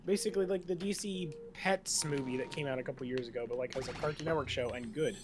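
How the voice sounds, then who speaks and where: A man's voice: a little high, quick pace, background noise. A man streaming a game, chatting loosely with friends, swearing freely and jumping between tangents. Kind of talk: casual chat during a game stream.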